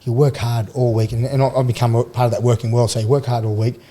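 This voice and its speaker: A man's voice: mid-range voice, little pitch movement, fast, mellow. An Australian man in his forties from Queensland, a guest on a podcast, telling rambling stories full of slang and laughter. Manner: rambling, laughs through anecdotes, blokey slang. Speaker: podcast guest, former rugby league player. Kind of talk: casual storytelling. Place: radio studio.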